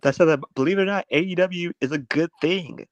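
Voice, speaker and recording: A man's voice: on the high side, fairly quick, no room sound, dull audio. A man with a slightly raised voice argues his points bluntly in a casual podcast chat. His dry, close recording has no room sound. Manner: blunt, matter-of-fact arguing. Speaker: podcast co-host.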